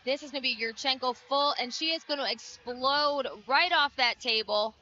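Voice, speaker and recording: Bright-voiced enthusiastic woman commentator. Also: high voice, moderate pace, dull audio, a little hiss or hum. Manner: enthusiastic, chatty, animated. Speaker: gymnastics color commentator and coach. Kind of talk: sports commentary.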